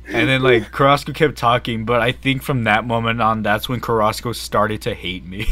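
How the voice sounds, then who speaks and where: A young man co-hosting a podcast, telling stories in a laid-back, low-key way and chuckling along. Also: fairly even intonation, fairly quick, hardly any pauses, bright, forceful tone. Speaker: podcast co-host. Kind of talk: casual chat.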